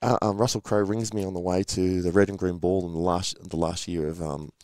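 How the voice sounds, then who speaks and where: A middle-aged man chatting as an interview guest, his voice sitting very low. He talks quickly and acts out the people in his anecdotes. The sound is dry and close. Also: steady tone, darkish tone, no room sound. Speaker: podcast guest, former rugby league player. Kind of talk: casual storytelling interview.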